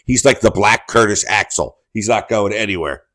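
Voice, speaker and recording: A man's voice: lowish voice, normal speed, fairly bright tone, no echo. Blunt, crude-talking older man. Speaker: podcast co-host. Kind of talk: casual podcast chat.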